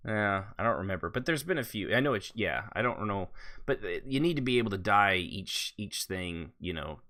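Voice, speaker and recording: Deep, bright-voiced man chatting. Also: expressive, normal speed. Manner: rambling, stop-start phrasing. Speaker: podcast co-host. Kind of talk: casual podcast chat.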